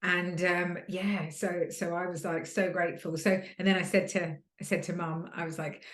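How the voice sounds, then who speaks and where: A woman talks casually in a rambling way, full of fillers and restarts. Her voice sits fairly low, and the room around her rings with noticeable echo. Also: steady tone, a little slow. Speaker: guest, host's sister. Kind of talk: casual chat. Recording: echoey room sound.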